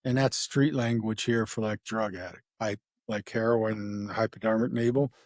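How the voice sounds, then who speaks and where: A man's voice: fairly low pitch, steady tone, moderate pace, no room sound, clean studio sound. A middle-aged man, a retired homicide detective, casually recounting a case, rambling with fillers and acting out the dialogue. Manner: rambling, acts out quoted dialogue, many fillers. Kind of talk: casual true-crime storytelling.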